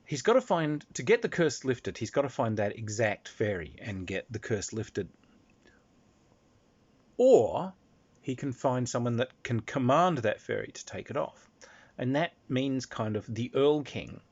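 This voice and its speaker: Male game master, rambling animated storyteller, dull lo-fi sound. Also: medium pitch, unhurried, slightly rough. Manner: animated, restarts, laughs through telling. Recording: slightly dull lo-fi recording.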